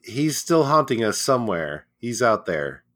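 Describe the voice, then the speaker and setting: A man's voice: mid-range voice, unhurried. A podcast co-host spinning a crude, ridiculous tale with a straight face. He is a man with a mid-range voice who keeps his delivery dry and matter-of-fact. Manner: deadpan, absurd, crude. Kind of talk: comedic storytelling chat.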